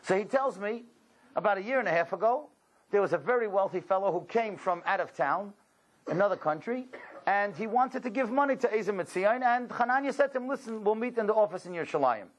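A man delivers a religious talk to a congregation, telling stories with animated exclamations. His voice sits high for a man. He keeps asking his listeners rhetorical questions. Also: fairly quick, rough recording. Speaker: religious speaker.

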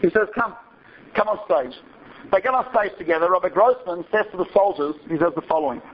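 A man's voice: sits high, brisk, lo-fi sound, slight background noise. A man giving a talk to an audience, telling a story in a conversational way and often checking in with "right?". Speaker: speaker.

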